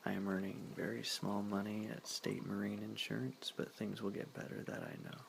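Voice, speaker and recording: A man voicing a polite, settled young married man in whispered role-play, with a soft, low whisper. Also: little pitch movement, normal speed, vocal fry, slight background noise.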